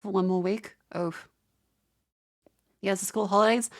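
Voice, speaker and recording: A young Australian woman with a mid-pitched voice chats casually with her live-stream audience, ranting in exasperation and swearing freely. Her tone stays steady and she takes her time.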